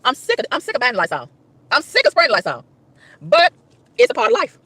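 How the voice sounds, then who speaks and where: A woman's voice: a little high, wildly swooping pitch, fairly quick, bright, forceful tone, breathy edge, no echo. A woman vlogger telling an exasperated story, exclaiming and repeating lines for emphasis, recorded in a car. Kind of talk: animated storytelling rant.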